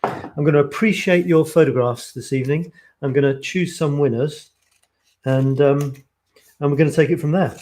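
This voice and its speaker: A man's voice: a little high, steady tone, moderate pace, a little mellow. A man hosting a casual photo challenge livestream, chatting in a rambling, friendly way and reading out viewer comments. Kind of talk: casual live stream chat.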